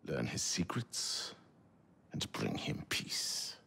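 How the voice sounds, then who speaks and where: A man's voice: slow, pushed and bright, a little hiss or hum. An actor playing a grave, formal male mentor of an assassin order in a video game. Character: stern older male assassin mentor, commanding.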